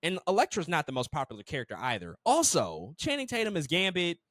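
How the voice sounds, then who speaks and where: A man co-hosting a casual movie review podcast, talking in an animated way, swearing freely and repeating words as he restarts sentences. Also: a little high, quick pace, dry recording. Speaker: podcast co-host.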